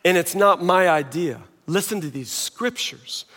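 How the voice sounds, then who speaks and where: A middle-aged male pastor preaching a sermon in a conversational, animated way, at times dropping to quiet intensity. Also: high voice, unhurried, big-room sound.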